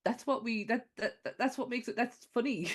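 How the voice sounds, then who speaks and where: A woman with a slightly high voice co-hosting a relaxed podcast. She talks in an excitable way and keeps breaking into giggles. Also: moderate pace, husky. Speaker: podcast co-host. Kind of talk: casual chat.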